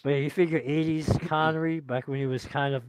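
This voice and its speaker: A man's voice: on the high side, steady tone, fast talker, smooth, no room sound. A man guesting on a livestream in casual fan chat, laid-back, offering trivia and short replies.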